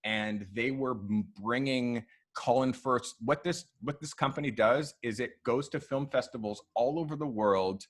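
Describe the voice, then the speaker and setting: A man, a photographer, telling long stories in a relaxed interview, full of fillers like "um" and "like". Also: medium pitch, measured pace, few pauses. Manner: loose, animated storyteller who acts out quoted people; frequent fillers like "um" and "like". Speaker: photographer guest. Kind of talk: storytelling in a podcast interview.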